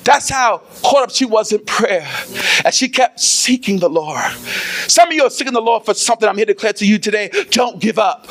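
High-voiced impassioned preacher man. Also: fairly quick. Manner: impassioned, repeats phrases and swells into shouts. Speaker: pastor. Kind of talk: sermon.

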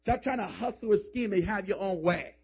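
A man's voice: high voice, brisk, slightly rough. A male pastor preaching a sermon in a church, urging the congregation with emphatic calls and slipping into casual, joking asides. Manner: emphatic, call-and-response urging. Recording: dull lo-fi sermon audio.

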